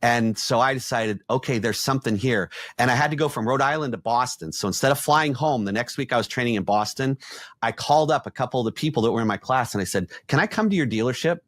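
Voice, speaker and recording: A middle-aged man, an executive coach, telling blunt, animated stories in a podcast conversation and acting out the quotes. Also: medium pitch, fast talker, no echo, studio quality.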